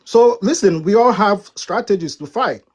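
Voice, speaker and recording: A woman's voice: mid-range voice, expressive, normal speed, darkish tone, slightly rough, highs cut off. A woman from Africa with an African accent, arguing defiantly in a live debate and often restarting her words. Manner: defiant, stammering restarts, repeats "listen" and "right". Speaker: debate panelist.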